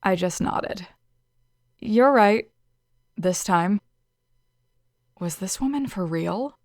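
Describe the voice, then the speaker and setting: A woman's voice: mid-range voice, animated, slow, no room sound. A young woman narrating a first-person audio story in a dry, sarcastic manner.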